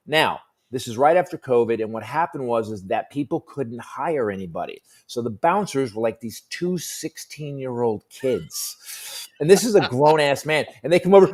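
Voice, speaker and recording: A middle-aged comedian telling a profane stage story on a talk panel, jumping into high, loud voices for the people in it. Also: male voice, expressive, a little fast. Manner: profane, punchy anecdote telling. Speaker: comedian guest.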